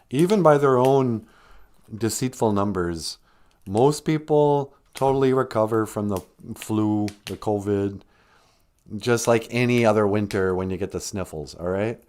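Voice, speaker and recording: A man's voice: lowish voice, a little mellow. A man hosting a comedy live stream, who talks in a blunt, sarcastic, ranting way. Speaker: show host.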